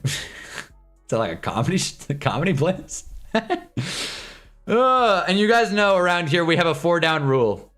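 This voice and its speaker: A man's voice: on the low side, moderate pace, faint music behind. A young man in his twenties from Southern California, chatting casually on a live stream, rambling and joking with frequent laughs.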